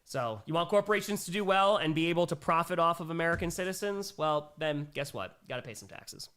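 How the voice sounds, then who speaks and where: Brief: young male streamer, slightly higher voice, emphatic casual Q&A host. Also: lively intonation, brisk, bright, forceful tone, clear, resonant tone. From New York. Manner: reads viewer messages aloud and reacts, emphatic and conversational. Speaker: livestream host. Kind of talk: casual livestream Q&A.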